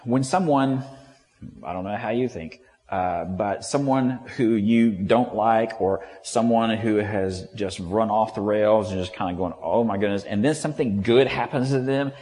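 A man's voice: fairly low pitch, a little mellow. A man preaching a sermon in a loose, conversational way, acting out the quoted lines with shifts in tone. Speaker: pastor. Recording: long hall reverb.

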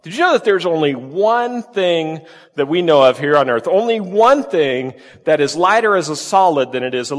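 A man preaching a conversational sermon as pastor, full of rhetorical questions. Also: a little high. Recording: long reverb of a large hall.

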